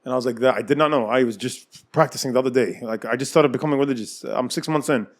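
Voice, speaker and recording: A man's voice: mid-range voice, fast talker. An American man casually telling his own life story, acting out the people in it and often laughing. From United States. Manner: animated, acts out dialogue, laughs often.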